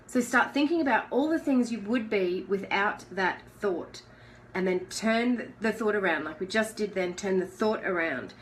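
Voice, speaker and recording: A woman's voice: mid-range voice, expressive, normal speed, slight background noise, poor audio. A woman giving a casual live coaching talk in a chatty, conversational way, asking the listener questions. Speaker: life coach.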